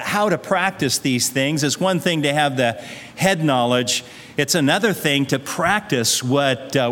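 A male pastor with a fairly bright voice on the high side preaches a sermon, weaving in a story. He speaks in a conversational, earnest way and uses fillers. A long hall reverb colors the recording.

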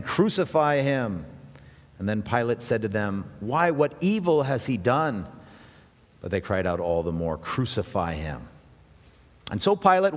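Brief: male pastor preaching, low voice, earnest, echoing church hall. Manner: earnest, with many restarts and rising emphasis. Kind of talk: sermon. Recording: hall with long reverb.

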